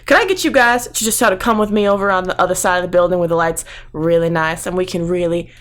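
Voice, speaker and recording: A woman voicing a brash, chatty male cowboy adventurer with a put-on Texan drawl, talking smoothly and politely. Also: lowish voice, fast, lightly acted. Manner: cheerful smooth-talker, overly polite.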